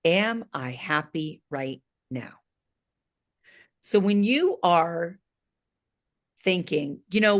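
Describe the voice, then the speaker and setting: A woman in her late fifties speaks as a fitness coach in a motivational talk to her group. Her delivery is emphatic and energetic, and she keeps checking in with a quick "right?" at the end of her points. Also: fairly low pitch. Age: 50s.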